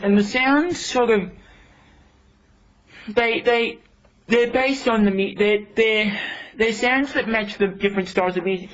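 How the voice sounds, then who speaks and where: A reviewer demonstrating software, explaining things step by step with many restarts. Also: mid-range voice. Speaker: product reviewer. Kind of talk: casual demonstration. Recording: dull home recording, faint hiss.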